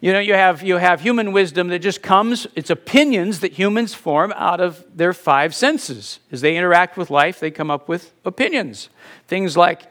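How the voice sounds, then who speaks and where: A man's voice: sits high, lively intonation, moderate pace, fairly bright tone. Man preaching in a chatty, anecdotal way. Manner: conversational, anecdotal, laughs at own stories. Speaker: pastor. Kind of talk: sermon.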